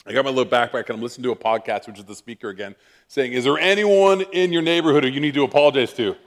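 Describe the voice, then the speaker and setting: A man preaching, telling a personal story with lively, self-mocking animation. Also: mid-range voice, racing. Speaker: pastor. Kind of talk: sermon storytelling.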